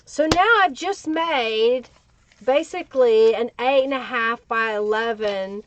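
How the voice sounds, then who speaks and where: A woman's voice: on the high side, unhurried. A woman hosting a live crafting tutorial, chatting away and greeting viewers in the chat by name. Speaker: crafting livestream host. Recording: dull lo-fi livestream audio.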